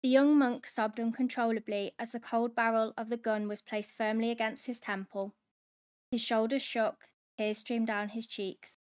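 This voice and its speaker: A woman hosting a book club, reading a novel aloud in steady dramatic narration. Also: on the high side, normal speed, clean tone.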